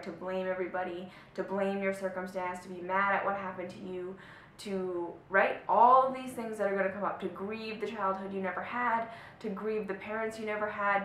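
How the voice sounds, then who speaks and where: A woman coach gives a motivational talk, pressing each point hard and checking in with her listeners as she goes. Her mid-pitched voice rings in an echoey room. A faint low rumble sits under the recording. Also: fairly bright tone. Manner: emphatic, often checks in with "right?" and "okay?". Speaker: spiritual life coach. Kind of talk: motivational teaching to camera.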